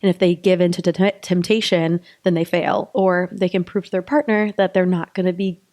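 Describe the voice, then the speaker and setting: A woman's voice: on the low side, level tone, moderate pace, a little mellow. Giggly chatty woman podcast co-host. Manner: chatty, giggly, lots of fillers. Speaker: podcast co-host, pelvic physical therapist. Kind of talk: casual chat.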